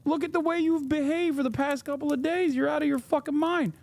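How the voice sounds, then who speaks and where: A man putting on a whiny, shrill voice to mock an outraged online hater. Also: fairly even intonation, fairly quick, vocal fry, a little mellow. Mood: mock outrage. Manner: mocking, exaggerated indignation.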